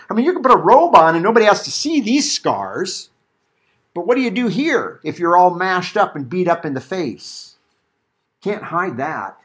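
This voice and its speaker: Lively, animated preacher man. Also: high voice. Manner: animated, acts out quotes. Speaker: pastor. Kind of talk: verse-by-verse sermon.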